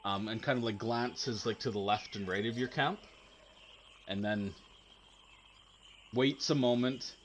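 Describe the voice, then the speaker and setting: A man running a tabletop game, narrating the scene in a loose, rambling way full of "like" and restarts. His voice sits mid-pitch, with faint noise behind it. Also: a little slow, pauses often. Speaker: game master.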